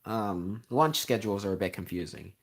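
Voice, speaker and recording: A teenage boy chatting casually on a livestream, rambling with lots of ums and a sarcastic edge, getting louder when he rants. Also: fairly low pitch, normal speed, creaky. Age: teens. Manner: gets loud and heated when ranting. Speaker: streamer.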